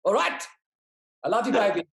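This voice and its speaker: A man voicing a loud, boisterous male South African mercenary with a South African accent. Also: high voice, sing-song, moderate pace, creaky, reverberant, voice pushed up, full character voice.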